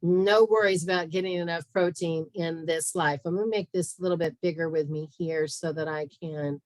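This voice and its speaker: Chatty woman, low voice, dry close sound. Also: steady tone, normal speed, darkish tone, no echo, poor audio. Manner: chatty, self-interrupting, with fillers and asides. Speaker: podcast host and health practitioner. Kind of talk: casual presentation over screen share.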